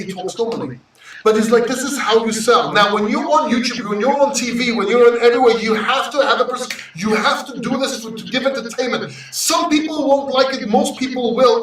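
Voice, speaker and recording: A man's voice: high-pitched, far from the mic. Brash emotional man, roomy and off-mic. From Greece. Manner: emotional, brash, swearing, swings loud and quiet. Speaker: crypto YouTuber reading live chat. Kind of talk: livestream chat with viewers. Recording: roomy echo, off-mic sound.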